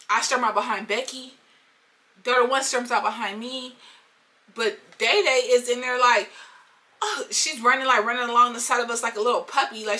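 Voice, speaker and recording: A young woman tells a storytime vlog straight to her viewers. Her talk is slangy and animated, with a sharp, bright tone and a somewhat high pitch. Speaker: storytime vlogger.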